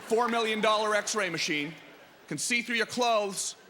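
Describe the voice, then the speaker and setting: A man from Canada doing stand-up and hosting, animated and prone to shouting out bits. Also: high voice, measured pace, slight background noise. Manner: animated, shouts and mimics kids yelling. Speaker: stand-up comic and host. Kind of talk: stand-up comedy. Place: comedy club stage. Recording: live room with loud crowd.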